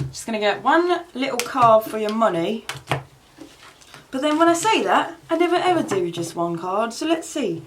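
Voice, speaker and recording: Chatty, swearing Australian-born tarot reader. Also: female voice, fairly high pitch, expressive, normal speed, background noise. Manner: rambling, swears freely, laughs often, many "like" fillers. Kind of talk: casual tarot reading.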